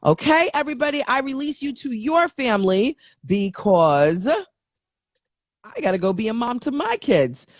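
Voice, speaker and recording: A woman's voice: fairly high pitch, big pitch swings, moderate pace, no echo, clean studio sound. A woman hosting her own show, signing off in a chatty, playful way with many fillers. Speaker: show host. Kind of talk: casual show sign-off.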